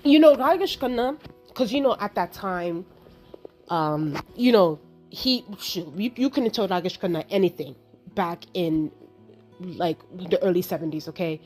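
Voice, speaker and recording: A woman giving a casual, chatty film review, animated and exasperated as she retells the plot with lots of asides and laughter. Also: lowish voice, a little slow, soft background music. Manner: exasperated storytelling, acting out her own reactions.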